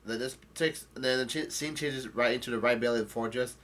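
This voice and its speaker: A man's voice: medium pitch, a little fast, fairly bright tone. Man, casual recap, rambling, restarts a lot, mid-range voice. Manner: loose and rambling, frequent restarts. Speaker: manga chapter reviewer. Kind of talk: casual chapter recap, reading lines aloud.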